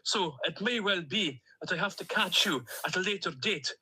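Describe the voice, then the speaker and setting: A chatty little plastic duck with a Stornoway lilt, as a man puts him on, who rattles through his misadventures in a jolly, rambling way. The voice sits high and very bright, with a husky edge to it. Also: expressive, moderate pace, heavily acted, low-quality recording. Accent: Scottish, Stornoway. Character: chatty plastic male emotional support duck. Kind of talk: comic voice-note monologue.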